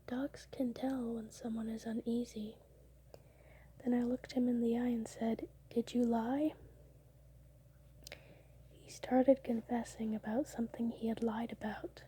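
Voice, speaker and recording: A woman's voice: fairly high pitch, slightly rough. Whispering young woman telling her dreams. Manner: soft unvoiced whisper, breaks into laughs. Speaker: ASMR creator. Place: home at night. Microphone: close mic.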